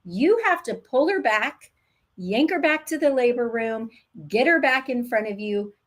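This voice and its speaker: A woman who is a labor nurse, casually teaching expectant parents in a direct, animated coaching tone. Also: a little high, a little slow. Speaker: labor nurse and childbirth educator.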